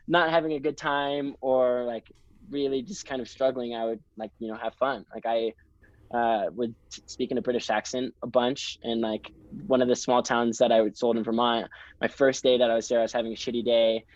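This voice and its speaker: A man's voice: mid-range voice, fairly quick, dry recording, highs cut off. A young man telling stories as a guest in a casual podcast interview, in an enthusiastic, chatty way. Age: young adult.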